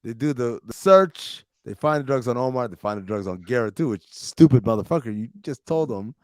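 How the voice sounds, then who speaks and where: A man hosting a podcast, retelling TV episodes in a casual, profane, animated way with plenty of quoted dialogue. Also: medium pitch, brisk, no echo, studio quality. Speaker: podcast host recapping a TV series. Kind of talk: casual recap chat with friends.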